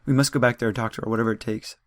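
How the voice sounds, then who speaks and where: Guy reading an earnest young investigator, quick, mid pitch. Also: fairly even intonation, no echo, studio quality, close to an everyday voice.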